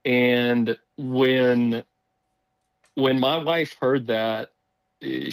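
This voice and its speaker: A man of middle pitch spins a long, rambling story in casual podcast chat. He is animated and acts out the people he quotes. The sound is dry, with no room echo. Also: takes it slowly.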